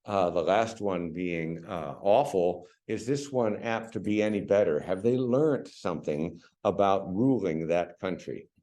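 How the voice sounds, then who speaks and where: A man's voice: low-pitched, measured pace, hardly any pauses, warm tone. A middle-aged American man giving a chatty public lecture as a university professor, coaching the audience on pronunciation. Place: lecture venue.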